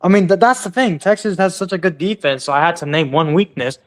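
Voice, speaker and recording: A man bantering excitedly as a sports fan in casual chat, boasting about his team. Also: sits high, fast talker. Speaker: podcast co-host.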